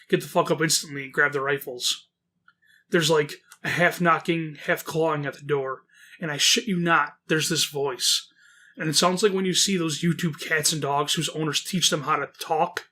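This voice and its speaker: A man's voice: on the high side, pushed and bright. A man reading a horror story aloud and chatting about it, rambling and swearing casually.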